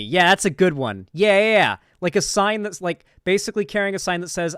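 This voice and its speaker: A man's voice: sits high, expressive, brisk, hardly any pauses, fairly bright tone, clear, resonant tone, no echo, studio quality. A man giving casual reaction commentary on a clip, talking in a loose, profane and incredulous way. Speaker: political commentary streamer.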